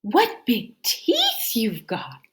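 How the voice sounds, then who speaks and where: A woman's voice: a little high, wildly swooping pitch, very slow, a bit bright, pitched above the performer's own voice, exaggerated voice. A woman reading a storybook aloud, voicing a trusting little girl who talks in an innocent, wondering way.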